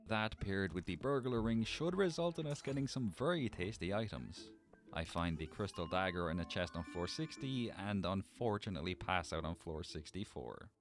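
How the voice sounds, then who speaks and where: Man, low voice, animated delivery, wry scripted game narration, faint music behind. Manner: wry, dry humor.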